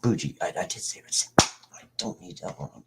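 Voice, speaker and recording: A man's voice: normal speed, heavy background noise. A man hosting a casual livestream, rambling and swearing as he greets viewers in the chat. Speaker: livestream host.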